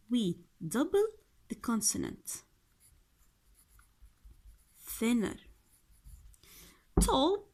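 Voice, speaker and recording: A woman's voice: sits high, dark tone. A woman teacher with an Arabic accent going through a grammar workbook, repeating each word and answering her own questions. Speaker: English teacher.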